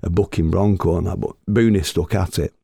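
An older man with a thick Oldham accent tells comic family stories in a low, rough voice with plenty of gravel. His delivery is wry and earthy, and he slips into the voices of his characters. The sound is close and dry. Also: steady tone, fairly quick, dark tone, dry recording. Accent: Oldham, Northern English. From Oldham, England. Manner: acts out quoted people in voices. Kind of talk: humorous storytelling.

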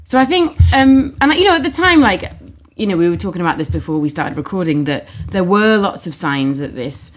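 A woman with a fairly low voice chats casually about politics. She tells her story in a lively, rambling way, with plenty of fillers and restarts. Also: a little fast. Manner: chatty, lively anecdotes full of likes and ums.

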